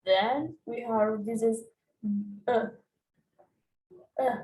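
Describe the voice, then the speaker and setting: A woman's voice: fairly high pitch, very slow, a little mellow. A woman teaching English vowel sounds, naming each symbol and repeating every example word. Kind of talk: slow, deliberate pronunciation lesson. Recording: echoey room, voice off-mic.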